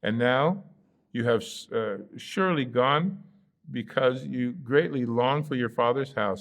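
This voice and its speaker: A man's voice: medium pitch, a little slow, fairly bright tone. A man with an American accent, a pastor teaching a Bible study in a conversational way, with fillers and playful asides where he acts out the characters. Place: church sanctuary.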